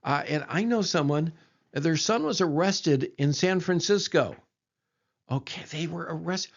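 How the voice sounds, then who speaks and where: A man's voice: on the high side, a little slow, creaky. A middle-aged man giving an informal presentation, chatty, repeating himself and checking in with the audience. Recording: dull lo-fi recording.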